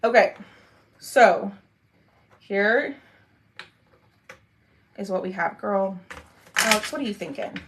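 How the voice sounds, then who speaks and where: A woman's voice: medium pitch, expressive, slow pace, long pauses, a little hiss or hum. A woman hosting a casual crafting livestream, chatting and greeting viewers by name.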